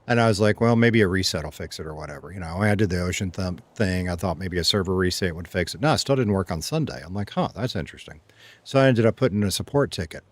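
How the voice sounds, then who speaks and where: A man's voice: lowish voice, no echo. Chatty male streamer. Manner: chatty, reads chat aloud, laughs easily. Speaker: streamer playing roleplay. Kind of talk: casual stream chat.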